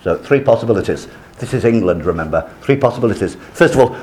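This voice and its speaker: A man giving a university lecture on politics, animated and full of restarts, slipping into short French asides. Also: lowish voice, fast talker. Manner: animated, acts out quoted voices, many restarts.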